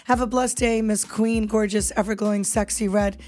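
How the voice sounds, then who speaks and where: A woman's voice: medium pitch, fairly even intonation, moderate pace, darkish tone, soft background music. A woman hosting a morning radio show in a studio, upbeat and chatty as she reads out listener texts. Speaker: radio host.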